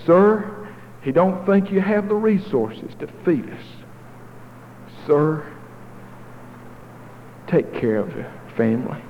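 A man's voice: a little high, slight background noise, voice pushed up. A man preacher voicing a poor devout mother who scolds her son and pleads with God, in a tinny, echoey recording. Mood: pleading. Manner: earnest pleading, drawn-out. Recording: tinny phone-like echoey hall.

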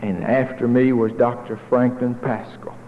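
A male pastor telling stories in a sermon, folksy with dramatic swings between loud and hushed, recorded in a church hall. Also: medium pitch, little pitch movement, measured pace. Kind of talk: sermon storytelling. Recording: tinny phone-like echoey hall, faint noise.

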